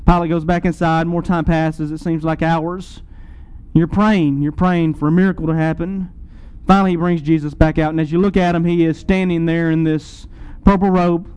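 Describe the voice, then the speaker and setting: Man, sermon, dramatic storytelling, high voice, smooth and resonant. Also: little pitch movement, normal speed, low-quality recording. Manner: dramatic second-person retelling, swings loud and soft. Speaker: preacher.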